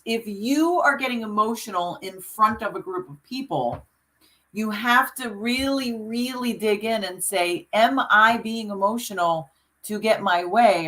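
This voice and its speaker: An earnest woman on a podcast, speaking at an ordinary mid pitch. She talks like a coach, urging listeners on in casual conversation and often restarting her sentences. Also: sharp tone, poor audio. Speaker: podcast co-host.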